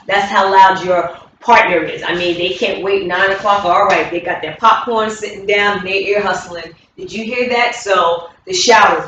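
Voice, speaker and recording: A woman's voice: on the low side, fairly bright tone, highs cut off, a little hiss or hum. A woman teaching as a movement coach, repeating key words with emphasis as she demonstrates. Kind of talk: instructional talk with movement demonstrations. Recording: very echoey room, distant mic.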